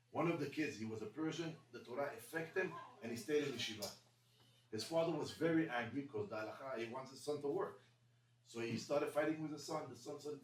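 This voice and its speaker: A rabbi rattles through a story at speed, animated and in broken English. His voice echoes around a roomy space, picked up from a distance, with faint ambience behind him. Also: medium pitch, slight background noise. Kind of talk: storytelling talk to a congregation.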